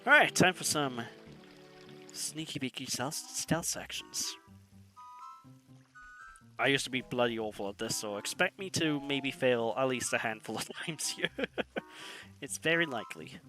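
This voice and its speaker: A man's voice: mid-range voice, animated, moderate pace, bright, forceful tone, soft background music. Chatty man streaming a game. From Wales. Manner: chatty, laughs often, British slang. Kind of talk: casual gameplay commentary.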